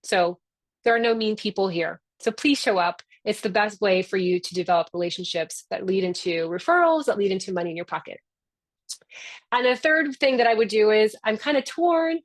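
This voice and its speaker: A woman's voice: medium pitch, lively intonation, fairly quick. A woman, the founder hosting a membership session, talking in a chatty, upbeat and encouraging way over a video call. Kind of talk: casual webinar talk.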